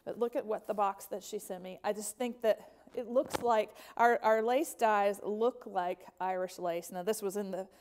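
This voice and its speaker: A woman's voice: medium pitch, steady tone, moderate pace, darkish tone, slight background noise. A woman hosting a craft company's show, chatting casually and gushing enthusiastically as she reads out fan mail.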